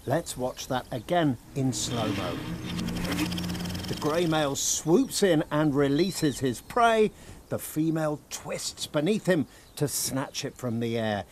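A man's voice: a little high, animated, measured pace, darkish tone, a little hiss or hum. Man narrating wildlife news. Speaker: climate editor.

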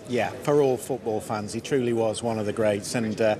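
A man presenting live news from out on a city street, with clear crowd chatter and passing traffic around him. He questions a remote guest briskly and in a conversational way, then talks viewers through the pictures from the day. The outdoor recording carries the hum of the crowd under his voice. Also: fairly low pitch, fairly even intonation. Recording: outdoor broadcast with crowd noise.

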